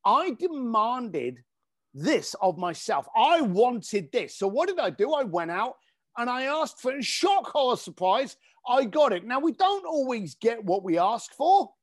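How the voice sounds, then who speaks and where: A man telling a story on a podcast. His voice is high and swings widely in pitch, and he swears casually. He is recorded close and dry. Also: big pitch swings, measured pace, no echo. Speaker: podcast guest. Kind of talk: animated storytelling.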